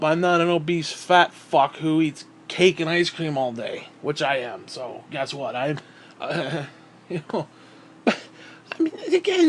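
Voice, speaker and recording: A man vlogging in a heated, sarcastic rant, swearing constantly. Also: high-pitched. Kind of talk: profane ranting monologue.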